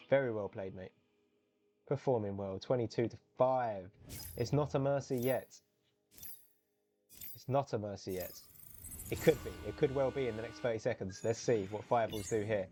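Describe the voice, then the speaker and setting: Young man, solo game caster, mid-pitched, excitable, spikes on big plays. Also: moderate pace, soft background music. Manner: excitable, jumps to loud high exclamations on big plays; chatty and self-correcting between plays. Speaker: esports caster. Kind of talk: solo live game commentary.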